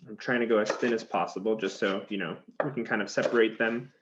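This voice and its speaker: A male chef chops vegetables in a kitchen during a cooking demonstration, explaining each step in an easygoing, chatty way. His lowish voice is fast with fairly even intonation. The recording sounds slightly dull, with faint noise.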